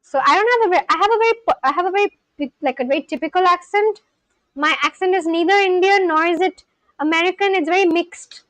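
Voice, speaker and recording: Woman, live-stream host, high voice, dry close sound, rambling chat, restarts sentences. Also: fairly bright tone, no echo, low-quality recording. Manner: rambling, chatty, frequent restarts and self-corrections. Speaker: livestream host learning a language. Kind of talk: casual live-stream chat, reading chat aloud.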